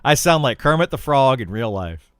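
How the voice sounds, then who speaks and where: A man's voice: medium pitch, normal speed, clean tone, no room sound. A man who makes gaming videos, chatting casually in an exasperated, ranting way. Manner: animated ranting, exasperated, laughs often. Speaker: gaming content creator. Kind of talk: casual livestream chat.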